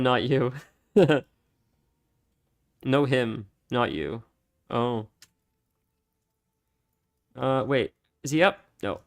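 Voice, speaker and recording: A man with a medium-pitched, fairly bright voice streams a game and chats casually through it. He tells rambling stories and laughs often while he plays and comments.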